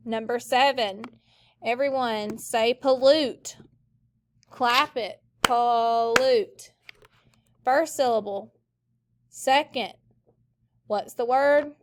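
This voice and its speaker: A woman teacher giving a recorded phonics lesson, sounding out words clearly in call-and-response drills for the class. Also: on the high side.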